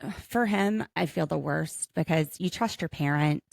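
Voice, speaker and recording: A woman who is an attorney, co-hosting a podcast in casual chat, chatty and quick with quips, laughing often. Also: deep voice, gravelly, no echo, studio quality.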